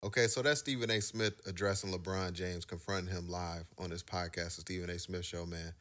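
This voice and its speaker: Man, YouTube commentator, deep voice, bright forceful tone, casual slangy opinion talk. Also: fairly even intonation, a little fast.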